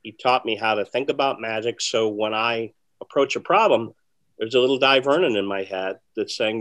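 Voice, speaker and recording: A man who is a magician, telling stories in an interview with a rambling, conversational manner full of fillers and restarts. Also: brisk. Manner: often soft and low, with lively bursts. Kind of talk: casual interview storytelling.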